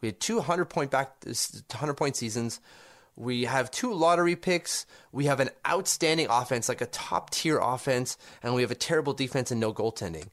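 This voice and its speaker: A man's voice: mid-range voice, normal speed, a bit bright. Man, podcast co-host, casual sports chat, argumentative, rhetorical questions.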